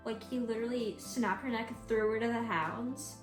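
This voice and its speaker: Excitable girl chatting about her book, kinda high voice, echoey room, soft music under it. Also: moderate pace. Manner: chatty, excitable, many fillers and restarts. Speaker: book vlogger. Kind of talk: casual reading vlog chat. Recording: roomy echo with faint music.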